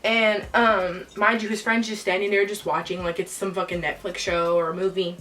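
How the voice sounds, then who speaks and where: A woman's voice: fairly low pitch, level tone, brisk, a bit bright, distant mic, a little hiss or hum. A young woman telling a storytime vlog in a casual, profane, emotional way. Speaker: vlogger. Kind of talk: storytime retelling.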